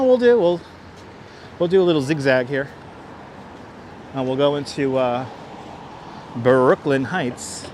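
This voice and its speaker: The host of a casual walking livestream, a man with a high-pitched and fairly bright voice, chats outdoors on city streets through a wireless clip-on mic. He keeps restarting phrases and thanking viewers, and there's a slight hiss or hum.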